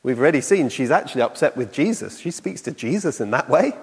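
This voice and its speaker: A man's voice: medium pitch, lively intonation, quick pace, creaky, slightly rough, big-room sound. A man preaching a sermon in a reflective way, asking many questions.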